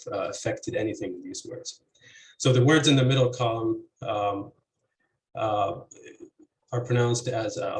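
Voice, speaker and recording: A man's voice: on the low side, reverberant, rough recording. A man giving an academic presentation on linguistics, explaining methodically with many hesitations and fillers, over what sounds like a computer mic on a video call.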